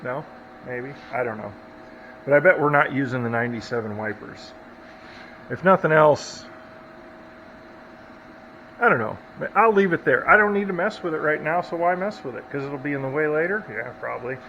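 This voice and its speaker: On a hot day in his home workshop, a hot rod builder who runs his own channel chats casually, jokes at his own expense, and reasons through a build one step at a time. His voice sits on the high side, at normal speed with frequent pauses, and the muffled recording carries faint shop noise.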